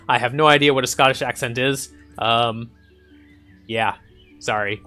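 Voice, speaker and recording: A man's voice: medium pitch, fairly even intonation, quick pace, pushed and bright, soft background music. A man casually commenting on a strategy game as he plays, thinking aloud with frequent ums and small chuckles. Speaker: gaming channel host. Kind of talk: casual let's-play commentary.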